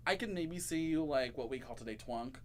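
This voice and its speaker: A male talk show host chats with his guest in a mid-range voice, animated and quick to laugh, dropping playful campy asides. A faint noise hums under the recording. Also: mid-range voice. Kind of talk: casual interview chat.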